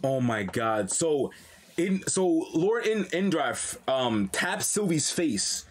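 A young man streaming a live reaction to a comic, talking in an animated, slangy, excitable way. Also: on the high side, slow pace, husky.

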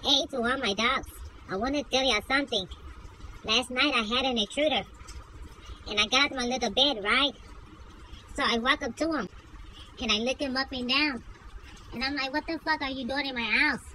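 A woman's voice: high voice, moderate pace, long pauses, pushed and bright, a little hiss or hum, poor audio. Woman doing a foul-mouthed talking chihuahua. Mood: cheeky. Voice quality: slangy, profane, cheeky street talk. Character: crude, boastful male chihuahua dog. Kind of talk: comedic talking-dog skit.

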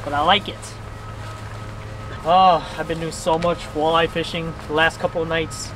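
A man vlogging while fishing outdoors, chatty and excitable, talking straight to his viewers. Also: fairly high pitch, normal speed. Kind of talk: casual outdoor vlog. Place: outdoors by the water at night in wind. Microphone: camera mic covered against wind. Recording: outdoor mic with loud wind noise.

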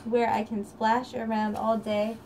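A woman voicing a grumpy little male penguin who wants to be left alone, drawn out slowly like a storybook read aloud. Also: fairly high pitch, little pitch movement, a little mellow, slight background noise. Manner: slow, exaggerated storybook delivery. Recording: distant home camera mic.

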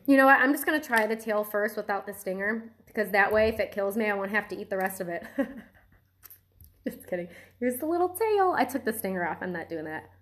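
A woman's voice: mid-range voice, expressive, brisk, a bit bright, a little hiss or hum. A woman vlogging to the camera as she tries a strange food, nervous and giggly, laughing through her fear. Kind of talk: casual food-tasting vlog.

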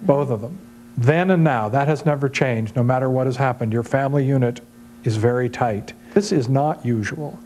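A man's voice: medium pitch, moderate pace, a little mellow, slight background noise. A man hosting an interview, asking probing, conversational questions.

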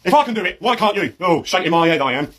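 A man playing a pushy British football dad who yells from the touchline, with a husky, blustering voice, in a comedy sketch. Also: high voice, expressive, fast talker. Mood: shouting. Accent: British English. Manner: shouty, blustering, laddish.

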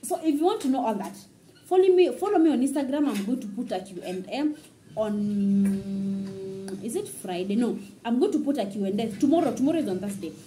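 A woman vlogger from Kenya telling a story in a casual, very fast, run-on way. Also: a little high, animated, dark tone, faint music behind, low-quality recording.

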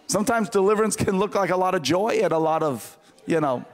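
A man preaching a revival sermon, telling a story in a lively way and building to shouted fervor. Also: high voice, quick pace, big-room sound. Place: large church auditorium.

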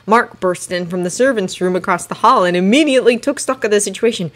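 A woman reading a fanfiction story aloud in steady storytelling narration. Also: medium pitch, quick pace. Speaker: fanfiction reader. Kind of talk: audiobook narration.

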